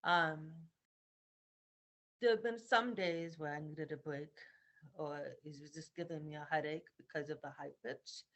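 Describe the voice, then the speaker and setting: A woman's voice: sits low, fairly even intonation, measured pace, fairly bright tone. A young woman giving a personal video diary update at home, talking reflectively and earnestly with many ums. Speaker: vlogger.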